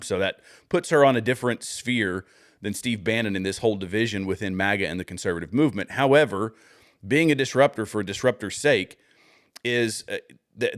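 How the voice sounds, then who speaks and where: Low-voiced man rambling through livestream commentary. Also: a bit bright, no room sound, studio quality. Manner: rambling, thinks aloud with many fillers and restarts. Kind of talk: casual livestream commentary while browsing posts.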